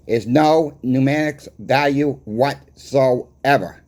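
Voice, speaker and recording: A man's voice: mid-range voice, slow, a little mellow. A man with a strong Boston accent talks through his weekly market numbers like a coin shop owner chatting across the counter. His delivery is conversational and repetitive, leaning on emphatic rhetorical questions to drive points home. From Boston, USA. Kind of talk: casual market report to camera.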